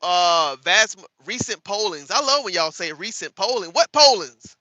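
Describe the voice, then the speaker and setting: A livestream host reacts to clips and taunts his chat in a profane, combative way, repeating lines for emphasis. His voice is high, bright and forceful with lively intonation at a moderate pace, recorded with no room sound and in low quality.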